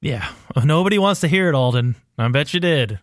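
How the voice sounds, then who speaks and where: A man's voice: on the high side, expressive, moderate pace, no echo. Guy rambling through a tv recap on a podcast, swears a lot, dry close sound. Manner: rambling, profane, full of fillers and quoted asides. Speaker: podcast co-host. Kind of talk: casual TV recap chat.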